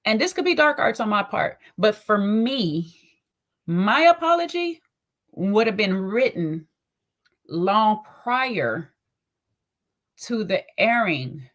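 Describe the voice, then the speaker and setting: A woman's voice: mid-range voice, expressive, slow, a bit bright. A woman hosting a casual livestream, sassy and chatty, greeting viewers by name and tagging sentences with "okay?". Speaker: livestream host.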